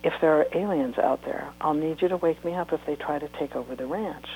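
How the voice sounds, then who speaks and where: A woman reading a book aloud, voicing a tired mother who speaks calmly and firmly. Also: low voice, brisk, vocal fry, muffled recording, slight background noise. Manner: calm, firm. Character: calm, tired young mother.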